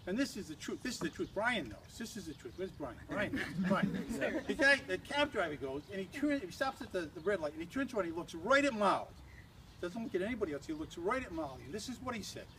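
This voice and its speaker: A man's voice: high-pitched, very animated, fast talker, a crowd in the background. An older man giving a humorous toast at an engagement party, a rambling, teasing storyteller who restarts often.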